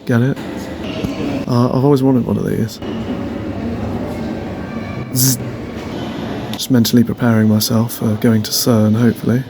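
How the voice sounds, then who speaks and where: A man's voice: medium pitch, flat delivery, fairly quick, noisy background. A young man chatting casually in a vlog, rambling and tentative, laughing at himself as he talks. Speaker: van life vlogger. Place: outdoors in a city and in a van.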